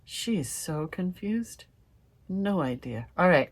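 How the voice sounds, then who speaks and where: A young woman doing a casual tarot reading to camera, chatty and excitable, swearing freely and calling her viewers fam. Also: fairly low pitch, measured pace. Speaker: tarot reader.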